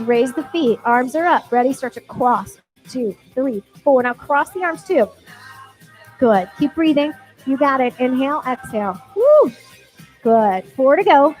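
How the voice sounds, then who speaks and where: A high-voiced woman leads a barre class, counting reps and calling out encouraging cues punctuated by cheerful whoops. Workout music plays behind her on this low-quality recording.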